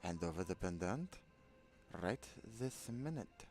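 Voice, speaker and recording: Man doing a lisping game huntress, put-on Castilian Spanish accent, threatening, raised and lively voice. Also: low-pitched, unhurried, soft background music. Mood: taunting. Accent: attempted Castilian Spanish. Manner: taunting, threatening. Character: menacing female bounty hunter with lisp.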